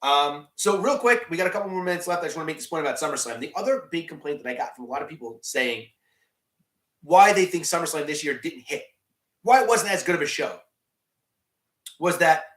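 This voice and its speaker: A man hosting a casual live stream, his voice sitting a bit high for a man. He rambles and restarts his sentences as he answers viewers, and his voice echoes around the room he is in. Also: animated, fairly quick, fairly bright tone. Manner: rambling, many restarts and fillers, reads chat questions aloud.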